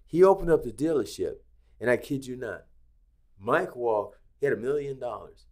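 Speaking at a normal speed in a medium pitch, this man is a casino executive from Las Vegas appearing as a podcast guest. His story comes alive as he animatedly performs the dialogue of each person in it.

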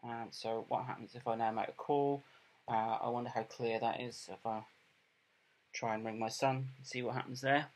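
Middle-aged guy casually reviewing earphones, lots of ums, stops and starts, mid pitch. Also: flat delivery. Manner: hesitant, many ums and repeated words; plain, unhurried and matter-of-fact. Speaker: product reviewer.

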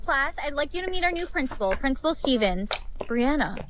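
A synthetic woman's voice narrating a story, reading every character's lines in the same even computer voice. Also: high-pitched, a little fast, background noise. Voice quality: synthetic, evenly paced computer voice. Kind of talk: text-to-speech story narration.

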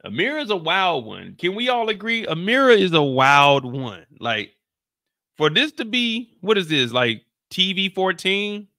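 A man hosting a casual TV recap, animated and slangy, often laughing. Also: high voice, a little slow, no room sound, clean studio sound. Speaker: show recap host. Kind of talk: casual commentary.

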